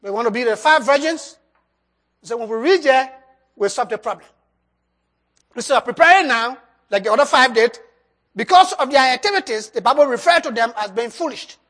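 A preacher giving a sermon and altar call, swinging between loud emphasis and soft drops, with loose grammar. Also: mid-range voice, expressive, normal speed, pauses often. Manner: loose, nonstandard English grammar.

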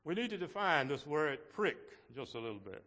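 A man preaching a sermon to his congregation in a slow, measured way, with emphatic rises on key words. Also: fairly high pitch, big pitch swings, bright, forceful tone, big-room sound. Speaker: pastor.

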